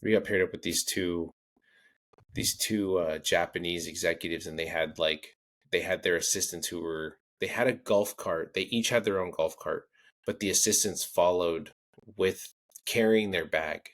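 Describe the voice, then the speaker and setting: A man's voice: low voice, moderate pace, a bit bright. A man co-hosting a golf podcast, chatting casually and telling stories in a rambling way with many restarts. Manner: rambling, lots of restarts and fillers, storytelling. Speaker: podcast co-host. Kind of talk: casual chat.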